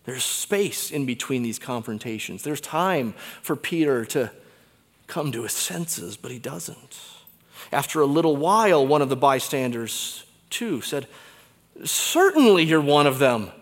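A man preaching a sermon in a church, conversational and animated, swinging between quiet and loud. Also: medium pitch, measured pace, long reverb tail. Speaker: pastor.

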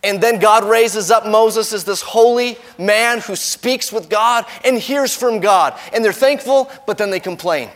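A man preaching a sermon, reading scripture aloud and explaining it, his voice climbing for quoted lines and falling soft at the ends of phrases. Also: sits high, a little slow, few pauses. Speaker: pastor. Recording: long hall reverb.

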